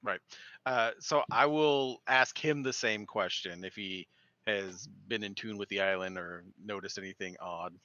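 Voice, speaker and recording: A man's voice: on the low side, a little slow, bright, forceful tone, muffled recording. A man playing a character in a tabletop game, with a dry, sarcastic way of talking and an easy laugh. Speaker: player. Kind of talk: tabletop role-play.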